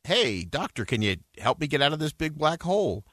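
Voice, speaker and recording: A man voicing a wounded, frightened man calling up for help from a deep pit, pleading. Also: wildly swooping pitch, moderate pace, a bit bright, no room sound, clean studio sound, full character voice.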